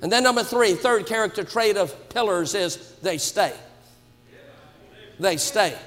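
Shouting high-voiced preacher in a reverberant church. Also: male voice, unhurried. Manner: emphatic, swings to shouts. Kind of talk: sermon. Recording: long reverb of a church hall.

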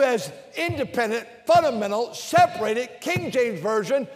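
High-voiced preacher in an echoey hall. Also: male voice, expressive, unhurried. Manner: emphatic, leads call-and-response chants. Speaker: Baptist preacher. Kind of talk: sermon. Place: large church with balcony and bleachers.

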